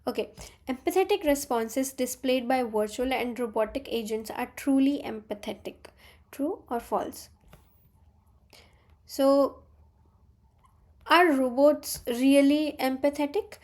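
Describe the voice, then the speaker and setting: A woman's voice: sits high, takes it slowly, pauses often, a little mellow. A young woman, a teaching assistant explaining quiz answers in a live online lecture, with many fillers and restarts.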